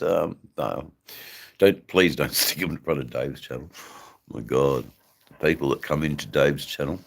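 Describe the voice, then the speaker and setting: A man hosting a live stream, chatting casually with viewers in a rambling, halting way. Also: very deep voice, vocal fry, breathy edge. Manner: rambling, halting, many ums and restarts.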